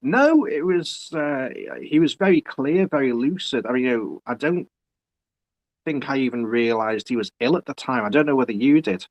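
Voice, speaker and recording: A man's voice: medium pitch, animated, normal speed, low-quality recording. A man hosting an interview, telling stories with enthusiasm and acting out what people said. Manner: enthusiastic storyteller, acts out quoted voices. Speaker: interviewer, host. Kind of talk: conversational interview.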